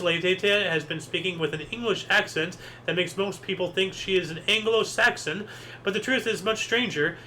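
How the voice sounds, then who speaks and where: Casting: high, bright male host, casual and jokey, reads offbeat headlines, faint hiss behind. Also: rough recording. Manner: joking, rambling, reads headlines aloud. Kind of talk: casual news recap chat.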